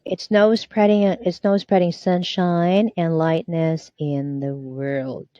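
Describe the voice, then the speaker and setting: A woman's voice: on the low side, steady tone, slow, mellow, no echo, muffled recording. A woman tutoring English online, prompting and correcting a student with encouragement.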